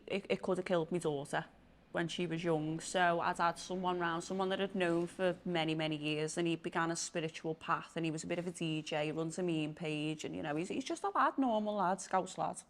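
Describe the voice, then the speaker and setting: Woman, middle-aged, lowish pitch, casual, animated storytelling. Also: moderate pace. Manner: chatty, animated retelling with lots of "you know what I mean". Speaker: guest psychic.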